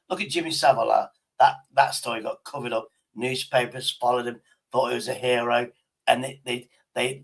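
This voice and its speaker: A man's voice: mid-range voice, gravelly, husky, low-quality recording. Male streamer, casual, rambling, sweary, mid-range voice. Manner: rambling, sweary, restarts his sentences. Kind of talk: casual chat with an AI.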